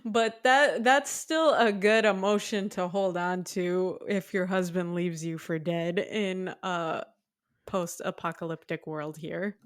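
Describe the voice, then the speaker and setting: Slow-talking blunt woman with a smooth voice. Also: fairly low pitch, fairly even intonation. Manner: blunt and heated, swears freely. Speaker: podcast co-host. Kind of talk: casual film discussion.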